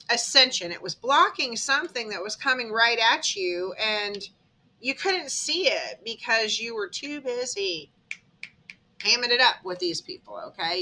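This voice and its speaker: A woman with a fairly high, sharp voice gives a chatty, casual tarot reading, telling it as a dramatic story. Along the way she keeps checking in with tag questions like "okay?".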